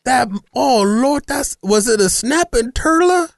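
A man hosting a casual podcast chat, animated and laughing often. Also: very high-pitched, measured pace, creaky, no room sound, clean studio sound. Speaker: show host.

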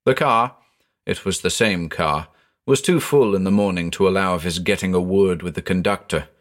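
A man narrating a ghost story in a measured, expressive reading. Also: low voice.

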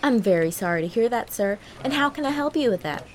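A woman's voice: a little high, expressive, fast talker, close to an everyday voice. A woman playing a sassy female customer service agent with sugary phone politeness. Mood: polite.

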